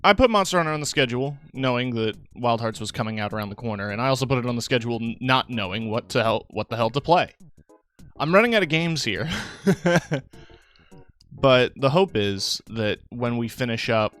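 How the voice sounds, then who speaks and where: Speaking a little fast, this young male streamer has a clear, resonant, medium-pitched voice over soft background music. He's relaxed but worn out, yawning as he talks to his chat in a meandering way packed with fillers.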